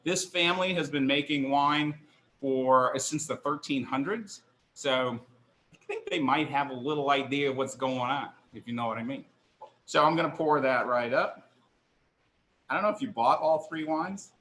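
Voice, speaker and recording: A man's voice: medium pitch, normal speed, fairly bright tone, reverberant. A middle-aged man leading a live online wine tasting class, chatty and enthusiastic, poking fun at himself. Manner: chatty, enthusiastic, self-deprecating. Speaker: wine instructor. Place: kitchen counter, indoors.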